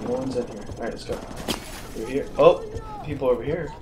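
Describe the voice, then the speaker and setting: A man with a medium-pitched voice talks at a moderate pace, giving casual let's-play commentary as he plays through a shooter campaign. He's jumpy and self-mocking, speaking both to himself and to his viewers. The sound is roomy, with loud game gunfire and battle noise behind him.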